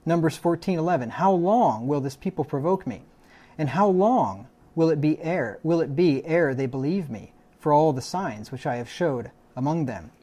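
A man's voice: on the high side, expressive, normal speed, mellow. A man preaching a sermon as pastor, reading a string of verses aloud and adding plain asides.

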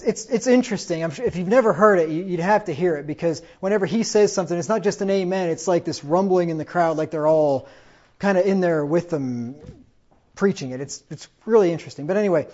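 A man's voice: on the high side, darkish tone, muffled recording. A man preaching a sermon in a conversational way, often asking "right?" and acting out the dialogue of stories he tells. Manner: conversational, with tag questions and quoted dialogue.

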